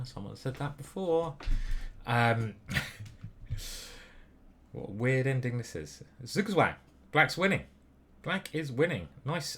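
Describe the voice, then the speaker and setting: A young British man talks through his own online chess games. He is cheeky and foul-mouthed, trading loud whoops for quiet mutters. His voice is bright and forceful, with pitch that leaps around in animated swings. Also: takes it slowly, long pauses, a little hiss or hum. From Britain. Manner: playful, cheeky and profane, with sudden loud whoops and muttered asides. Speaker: chess grandmaster streamer.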